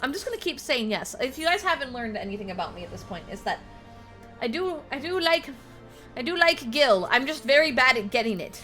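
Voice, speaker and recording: A woman streaming a video game, chatting excitedly with viewers, squealing and swearing when surprised. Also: high voice, fairly quick, faint music behind. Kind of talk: casual live-stream chatter while playing.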